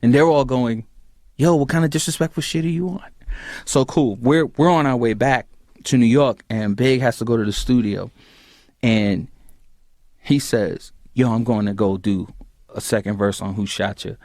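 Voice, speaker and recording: A man recounting a backstage anecdote, acting out the other people's lines with lively swings in his voice. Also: mid-range voice, moderate pace, no room sound, clean studio sound. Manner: animated, acts out quoted voices. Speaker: clip storyteller.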